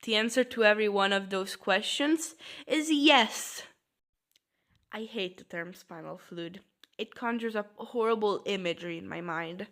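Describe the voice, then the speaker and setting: A woman reading social media posts aloud for comedy, swinging between deadpan mutters and loud outbursts. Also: medium pitch, unhurried.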